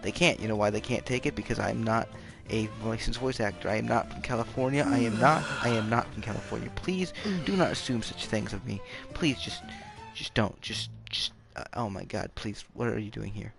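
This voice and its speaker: Gravelly goofy gamer man. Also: on the low side, a little fast, hardly any pauses. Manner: rambling, goofy, playfully self-mocking. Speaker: game streamer. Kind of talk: hushed late-night gaming chatter. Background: game music.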